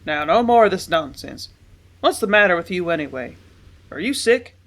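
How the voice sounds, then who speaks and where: A woman reading an audiobook and voicing a stern, gruff sea-captain father who scolds his child. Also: lowish voice, a little fast, natural voice. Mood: scolding.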